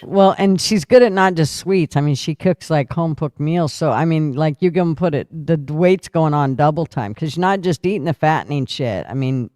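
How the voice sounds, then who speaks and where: A man's voice: fairly high pitch, moderate pace, hardly any pauses, a little mellow, dry recording, clean studio sound. A man hosting a casual talk show, telling rowdy stories with lots of swearing and laughter. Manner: profane, laughing storyteller. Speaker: podcast host. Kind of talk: casual storytelling chat.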